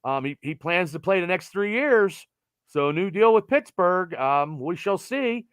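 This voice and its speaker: A man's voice: high voice, unhurried, clean tone, no echo. A middle-aged man from Pennsylvania hosting a podcast, chatting casually and rambling with lots of fillers. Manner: rambling, animated, trails off with fillers. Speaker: podcast host. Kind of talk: casual sports chat.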